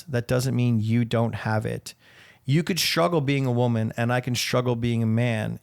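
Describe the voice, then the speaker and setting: Gravelly man in casual podcast chat. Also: medium pitch. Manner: earnest then joking, swears freely. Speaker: podcast co-host.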